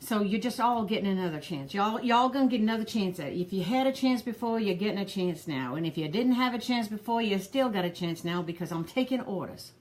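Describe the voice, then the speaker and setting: A fussing, gossiping old granny, put on by a woman rambles along in a folksy drawl. She sounds harried and worn but keeps talking. Her voice sits at an ordinary middle pitch. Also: animated, brisk, hardly any pauses, darkish tone, close to an everyday voice. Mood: chatty. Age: older. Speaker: pearl party host. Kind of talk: comedic character live stream.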